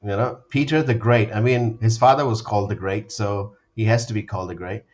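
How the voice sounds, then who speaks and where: A man's voice: fairly low pitch, steady tone, fairly quick, darkish tone. Rambling man hosting on muffled webcam audio. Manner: rambling, stumbling restarts, giggly. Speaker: podcast host. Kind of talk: casual comedic chat.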